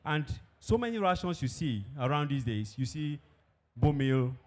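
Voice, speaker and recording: A man's voice: on the high side, sing-song, normal speed. A man gives a technical presentation on animal feed to an audience of farmers, explaining step by step and putting questions to the room. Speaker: industry presenter. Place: conference hall with a live audience.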